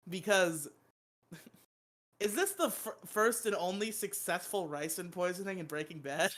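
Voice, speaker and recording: A man's voice: sits high, lively intonation, unhurried, a bit bright. Laughing, swearing man on a podcast. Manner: laughs often, swears casually, acts out quotes. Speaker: podcast host. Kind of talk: casual movie review chat.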